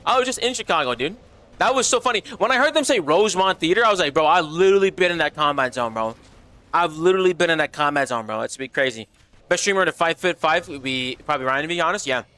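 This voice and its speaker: A young man streaming live with a bright, forceful voice that sits a little high for a guy. He talks in loose slang, answers chat as he goes, and jumps from low mumbles to excited bursts. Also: quick pace. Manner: animated, slangy, reads chat aloud. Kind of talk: casual livestream chat.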